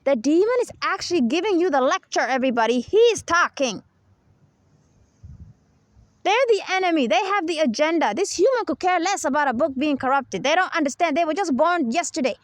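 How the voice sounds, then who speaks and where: Very high-voiced woman, emphatic and dry. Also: expressive, brisk, no room sound. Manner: emphatic, addresses listener with rhetorical questions. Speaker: religious video host. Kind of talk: spoken religious monologue.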